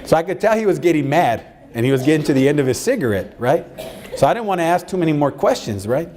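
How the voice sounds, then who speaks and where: A middle-aged man telling a personal story to an audience in an animated way, dropping Spanish phrases into his talk. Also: fairly high pitch, quick pace. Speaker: speaker addressing college staff.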